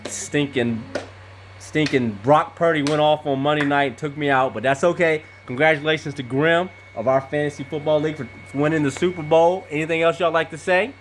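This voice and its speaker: Woman podcast host, deep for a woman, brisk and matter-of-fact, tallies everyone's picks in a casual family chat. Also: fairly even intonation, a little hiss or hum. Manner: brisk, calls on each person and repeats their picks.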